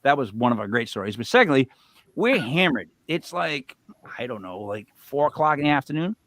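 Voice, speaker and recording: Here a middle-aged man, co-hosting a live show, spins a long, casual tale with plenty of rambling and animation, alternating loud outbursts with muttering. He talks a little fast at medium pitch, captured in a dry recording.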